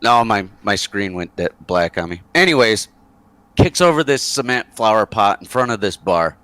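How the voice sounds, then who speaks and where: Casting: low-pitched man, animated storyteller, rambling, dry close sound. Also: normal speed, no echo. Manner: rambling, lively, chuckling, many fillers. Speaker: interview guest, former soldier. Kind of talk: casual storytelling.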